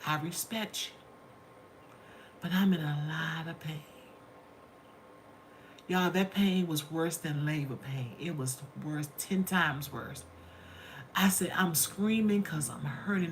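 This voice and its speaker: A chatty middle-aged woman hosts her livestream from home, talking warmly to her viewers as honey and y'all. Her voice sits a little low, and faint household noise hums behind her. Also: takes it slowly, pauses often. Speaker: livestream host. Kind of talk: casual livestream storytelling.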